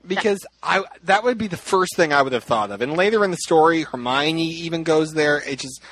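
A man's voice: on the high side, expressive, a little fast, a bit bright, poor audio. A man hosting a casual chat, rambling, laughing and acting out quoted lines. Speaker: podcast host.

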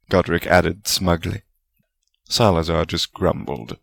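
Deep gravelly male narrator. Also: normal speed, no room sound. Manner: expressive storytelling. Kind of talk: audiobook fan fiction reading.

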